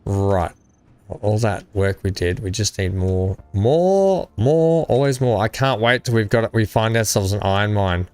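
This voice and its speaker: Chatty Australian man with smooth voice. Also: on the low side, level tone, moderate pace, faint music behind. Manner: chatty, rambling, enthusiastic. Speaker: gaming channel host. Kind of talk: casual gameplay chat.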